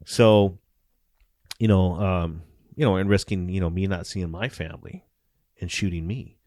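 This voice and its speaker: A man's voice: deep voice, fairly even intonation, measured pace, darkish tone, dry recording, studio quality. A middle-aged man and former police officer telling stories in a casual interview, swearing often and acting out the dialogue with animation.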